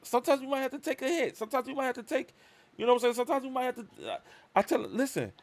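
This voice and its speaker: Animated man telling a story on a live stream. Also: very high-pitched, very fast. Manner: animated, acts out both sides of conversations. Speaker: show host.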